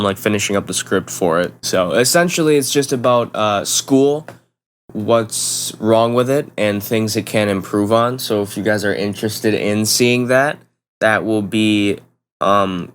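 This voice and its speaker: A man's voice: fairly low pitch, clean tone. A young man talks casually to camera in a blunt, profane, rambling way, often restarting his sentences. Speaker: vlogger.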